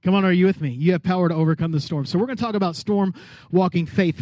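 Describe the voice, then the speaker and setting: Pastor, man, high voice, lively sermon with acted-out scenes, dry close sound. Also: fast, no echo. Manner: lively, acts out Bible characters, asks the crowd questions.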